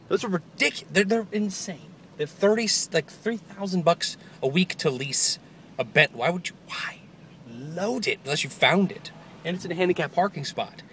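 A man vlogging casually outdoors, rambling excitedly about birthday gifts and giggling often. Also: mid-range voice, a little hiss or hum. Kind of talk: casual chat. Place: outdoors near a parking lot.

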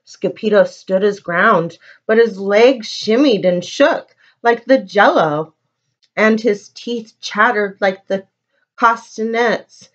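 A woman preschool teacher reading a picture book aloud with slow, expressive storytelling. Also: mid-range voice, highs cut off.

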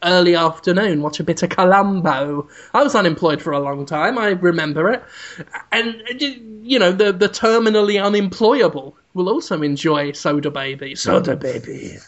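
A man's voice: high voice, animated, moderate pace, lo-fi sound. A man from the UK co-hosting a comedy podcast, rambling and meandering as he builds a silly bit. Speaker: podcast co-host. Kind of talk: casual comedy podcast chat.

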